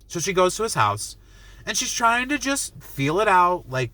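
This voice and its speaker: A young man reviewing a film, retelling the plot in an excited, rambling way full of "like" and acting out lines. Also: sits high, moderate pace, no echo. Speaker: movie reviewer. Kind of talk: enthusiastic movie review.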